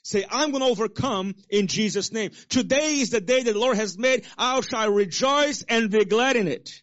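A male pastor preaching a sermon with call-and-response to the congregation, swinging between loud exhortation and soft low asides. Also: normal speed. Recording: dull lo-fi sermon recording.

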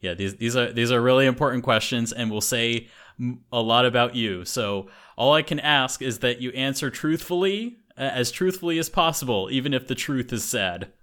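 Male podcast host, casual chat, rambling with fillers and false starts, mid-pitched voice. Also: normal speed, fairly bright tone. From English-speaking country. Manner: rambling with frequent fillers and restarts.

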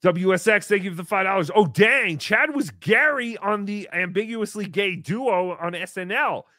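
A man doing Tukey, a whiny high-voiced showman. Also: normal speed, sharp tone, no room sound. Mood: excitable. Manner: speaks of himself in third person, whiny and melodramatic. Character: silly, self-pitying, nasal-voiced male showman. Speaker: livestream show host. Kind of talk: comedic live-stream character bit.

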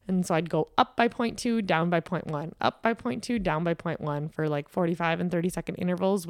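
A woman's voice: fairly low pitch, no echo, studio quality. A woman in her thirties, a podcast host, telling a personal story about grief in an earnest, rambling way with many fillers and restarts.

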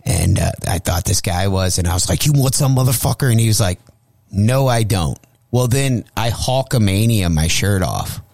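A man's voice: fairly low pitch, no room sound. A male comedian telling a profane comic story as a guest, acting out the voices he quotes. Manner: animated, acts out quoted voices. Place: radio studio.

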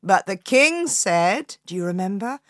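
Slow lively woman storyteller, kids podcast, dry close mic, gets you to join in. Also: mid-range voice, no room sound. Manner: expressive, inviting the listener to join in. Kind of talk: storytelling for children.

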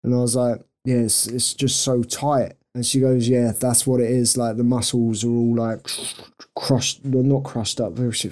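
Mellow-voiced man telling a rambling story. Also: medium pitch. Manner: rambling, self-mocking, giggly. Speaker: podcast co-host. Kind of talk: casual storytelling chat.

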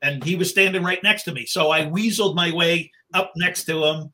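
Middle-aged male guest, bright somewhat high voice, rambling storyteller, lots of restarts. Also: moderate pace, a little hiss or hum. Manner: rambling, with many restarts and acted-out quotes. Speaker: guest, book cover artist. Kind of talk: casual storytelling anecdote.

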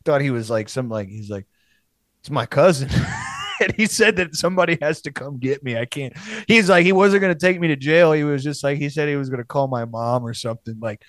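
A man's voice: mid-range voice, lively intonation, a little fast, no echo. A young man in his twenties, a comedian, telling a rambling, profane story in casual chat, jumping into friends' voices as he quotes them.

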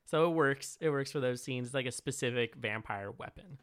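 A man in casual chat about a movie, telling scenes in an animated, swearing way. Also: mid-range voice, brisk.

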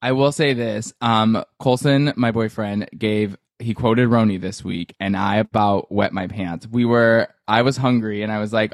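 A man's voice: on the low side, steady tone, normal speed, few pauses, no echo. Young male podcast co-host, gossipy, quotes scenes aloud; dry close sound. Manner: gossipy, acts out quotes from the show. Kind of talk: casual chat.

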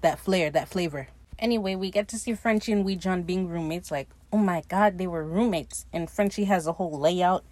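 A woman's voice: mid-range voice, dry recording. Sassy, laughing woman recapping a show. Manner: animated, laughing often, retelling scenes with playful quoted voices; swearing, sassy commentary. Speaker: recap podcaster. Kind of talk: casual TV episode recap.

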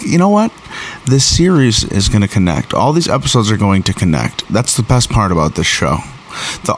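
A man hosting a show, recapping and reviewing an episode in a rambling, excitable way with many fillers and restarts. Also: lowish voice, a little hiss or hum.

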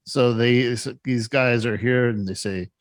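A man narrating as game master of a tabletop game, halting with many fillers. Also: mid-range voice, fairly even intonation.

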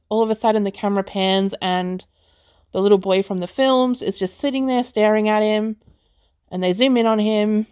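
A woman hosting a podcast, casually reviewing films in a chatty way, full of "like" fillers and quick laughs. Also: medium pitch, dry recording, clean studio sound. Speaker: podcast host, film reviewer. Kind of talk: casual movie review chat.

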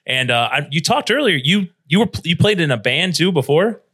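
A man's voice: fairly high pitch, very animated, fairly quick, fairly bright tone, slightly rough. A man hosting a podcast, a stand-up comedian, asking eager questions in casual chat.

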